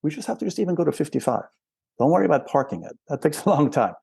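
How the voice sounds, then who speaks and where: A man's voice: on the high side, sing-song, rapid-fire, creaky, warm tone, husky, no room sound. An older man, a spiritual counselor and guest, explaining patiently and asking rhetorical questions in a reflective interview.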